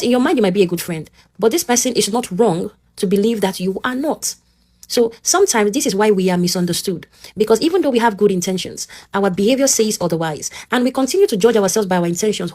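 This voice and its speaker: A woman, talking casually and warmly as she teaches, often checking in with "okay?" and acting out both sides of an argument. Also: medium pitch. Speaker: advice talk host. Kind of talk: casual advice talk.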